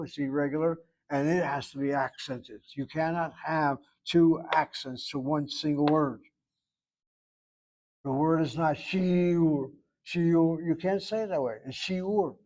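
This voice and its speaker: A man's voice: fairly high pitch, steady tone, moderate pace, a little mellow, rough recording. A man with an American accent giving a Hebrew grammar lesson in a blunt, emphatic classroom lecture style. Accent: American English. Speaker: Hebrew instructor.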